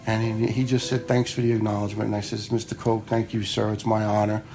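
A man's voice: fairly low pitch, level tone, fast talker, darkish tone, faint music behind. A man, a retired fire lieutenant telling personal stories in a blunt, frank way, swearing freely and acting out the dialogue he quotes. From New York area. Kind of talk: casual personal storytelling.

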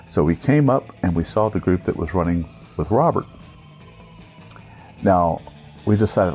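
A middle-aged man telling a personal story, animated and amused, acting out the voices of the people in it. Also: deep voice, moderate pace, creaky, soft background music.

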